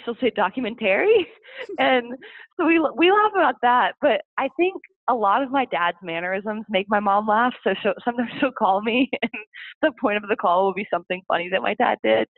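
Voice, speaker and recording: A woman's voice: a little high, dry recording. Chatty woman on a tinny line. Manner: chatty, laughs often. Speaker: interview guest. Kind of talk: casual storytelling. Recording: phone-like dry sound.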